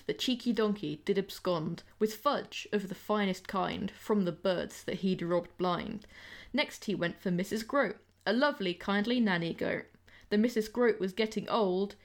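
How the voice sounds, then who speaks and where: A young woman, a podcast host, reading her own rhyming poem aloud with playful, sing-song storytelling. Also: medium pitch. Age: young adult.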